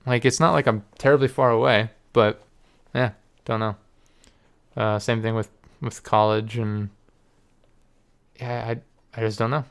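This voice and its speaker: A man's voice: mid-range voice, steady tone, unhurried, creaky, pauses often, smooth. A man hosting a casual chat, rambling and hesitant, full of fillers.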